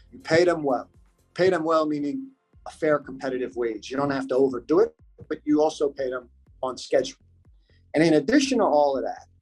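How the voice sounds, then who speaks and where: A man's voice: on the high side, a little mellow, husky, low-quality recording. A man from the United States, a podcast guest talking in a casual interview, earnest and repeating his points for emphasis.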